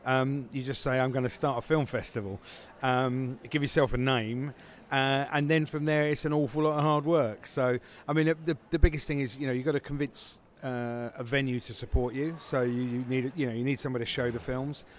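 A man's voice: mid-range voice, steady tone, brisk, hardly any pauses, a little hiss or hum. A man who founded a film festival, answering interview questions casually with many fillers and restarts.

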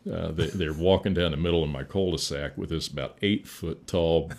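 A man's voice: a bass voice, fairly even intonation, a little fast, creaky, darkish tone. A middle-aged man, a veteran firefighter, telling folksy stories in a casual interview, laughing and acting out quotes.

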